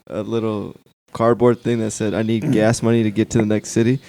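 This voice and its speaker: Male guest, gravelly, mellow, lively pitch, wisecracking banter. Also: fairly quick, rough recording. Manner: joking, wisecracking. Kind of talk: casual chat. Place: studio.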